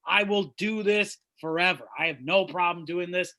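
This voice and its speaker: Brief: comedian man, high crusty voice, bright and forceful, yells then mutters, home laptop sound. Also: normal speed. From Chicago suburbs, USA. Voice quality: crusty, shouty voice. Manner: loud, animated ranting with sudden drops to mumbling asides. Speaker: stand-up comedian. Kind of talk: stand-up set over video call. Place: childhood bedroom. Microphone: laptop mic.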